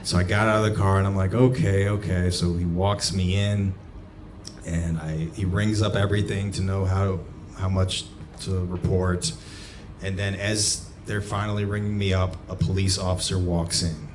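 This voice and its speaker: Man, stand-up comic, lowish voice, live club recording with noise. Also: level tone, moderate pace. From United States. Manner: storytelling with sudden shouted bursts. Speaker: stand-up comedian. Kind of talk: stand-up comedy set. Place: comedy club stage. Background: audience laughter.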